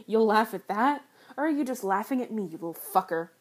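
Breathy woman in teasing adult role-play. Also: on the high side, expressive, moderate pace. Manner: teasing and sarcastic, crude, switching to soft whispers.

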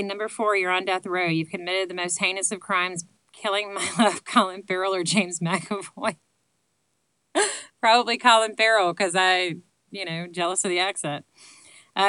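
Chatty Southern woman with a bright voice. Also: mid-range voice, clean tone, dry recording, poor audio. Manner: rambling, self-deprecating, lots of ums. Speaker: vlogger answering viewer questions. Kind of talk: casual chat.

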